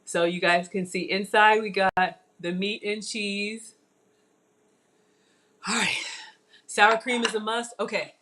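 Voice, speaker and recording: A middle-aged woman runs a casual live-stream cooking demo from her home kitchen. She is chatty and excitable and keeps calling out to her viewers while she works. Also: mid-range voice, slow pace, pauses often. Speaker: cooking show host.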